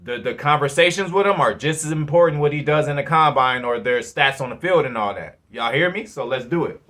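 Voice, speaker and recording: A man hosting his own fan channel, giving casual football commentary in a profane, rambling, animated way. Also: mid-range voice, a little fast. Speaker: sports fan channel host.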